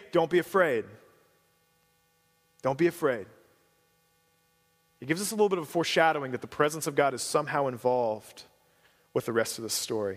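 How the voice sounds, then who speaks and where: A pastor giving a conversational sermon with casual asides and relaxed, everyday phrasing. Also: male voice, high-pitched, long reverb tail.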